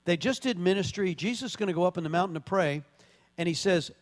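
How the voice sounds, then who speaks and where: Male pastor, high voice, conversational sermon with sudden emphatic bursts, long hall reverb. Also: quick pace. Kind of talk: sermon with scripture reading.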